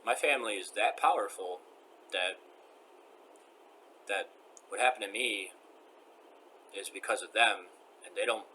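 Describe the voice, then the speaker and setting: A man's voice: on the low side, measured pace, pauses often, bright, forceful tone, slight background noise. An upset man venting in a personal vlog rant, agitated, rambling and repeating himself.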